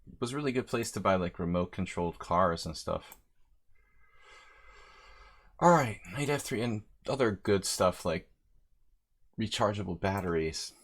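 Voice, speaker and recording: A man's voice: deep voice, animated, moderate pace, pauses often. A man streaming chess live, rambling chattily between moves and reading out viewer names in casual commentary. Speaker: chess streamer playing a simul. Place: lives in Hungary.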